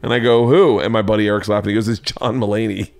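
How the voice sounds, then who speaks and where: A man with a low-pitched voice tells a story on his podcast, his voice close and dry on the mic. He jumps into the voices of the people in the story and swears freely, a casual, animated storyteller in his forties. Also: rapid-fire, gravelly, dry recording. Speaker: podcast host. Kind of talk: casual chat.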